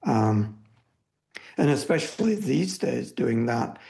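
A man's voice: medium pitch, very animated, slow, vocal fry, dark tone. An older man, a historian, speaking thoughtfully in a conversational interview, often restarting phrases. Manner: thoughtful, with restarts and "you know". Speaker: historian guest.

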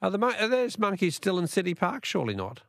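An Australian man with a gravelly edge hosts a talkback radio quiz from the studio, his voice high, very animated and fast. He chats easily and keeps repeating the question to coax callers in. The sound is close and dry, with no echo or room.

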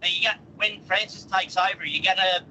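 A man calls in to a radio quiz, joking in a laid-back way. His voice is high and very bright. Faint background noise sits under the call. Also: steady tone, a little fast, dull audio. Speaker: radio caller.

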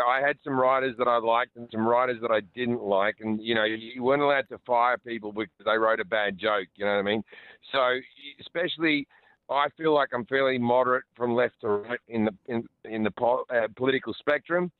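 An Australian man in his forties, a comedian chatting and joking as a radio guest with quick restarts over the phone. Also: medium pitch, no echo. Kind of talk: casual radio interview. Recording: tinny phone line.

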